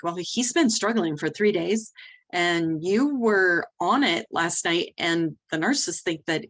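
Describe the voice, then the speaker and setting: A woman's voice: fairly low pitch, unhurried. A middle-aged woman who cares for newborns, telling a family's story in an interview in a candid, direct way. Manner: candid, direct, animated retelling. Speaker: nursery nurse leader.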